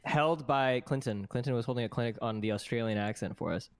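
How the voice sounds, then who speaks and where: A woman's voice: rumbling low, brisk, dry recording, studio quality. A player in a tabletop game, chatting casually and telling little stories from her past. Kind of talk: casual chat.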